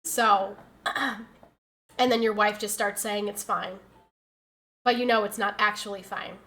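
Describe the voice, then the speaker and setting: A woman's voice: mid-range voice, fairly even intonation, slow, sharp tone. A woman streamer chatting casually with her audience, telling exasperated stories about her pets and reading out messages from chat. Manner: chatty, exasperated storytelling, reads chat aloud.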